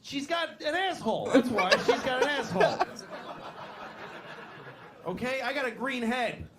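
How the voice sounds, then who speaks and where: A middle-aged man works the stage in a stand-up set, his voice pitched high and swinging wildly as he rambles through bits punctuated by yelps. Loud audience laughter roars behind him over the live stage mic. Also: unhurried. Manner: animated, rambling storytelling with sudden yelps and put-on voices. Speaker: stand-up comedian. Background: loud crowd laughter.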